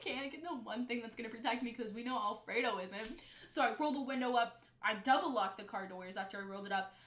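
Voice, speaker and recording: A young woman telling a story from her own life in casual storytime style, animated and swearing freely as she quotes the people involved. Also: fairly high pitch, echoey room.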